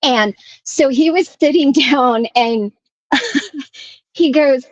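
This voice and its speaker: A woman co-hosting a chat show, telling an animated story and laughing mid-sentence, heard over a video call. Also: high voice, very slow, no echo, muffled recording. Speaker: co-host.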